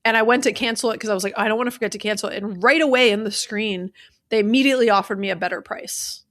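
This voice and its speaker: A woman's voice: mid-range voice, fast, fairly bright tone. A woman co-hosting a money podcast, chatting casually with lots of fillers and acting out sample call scripts. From American South. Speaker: podcast co-host. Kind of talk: casual chat.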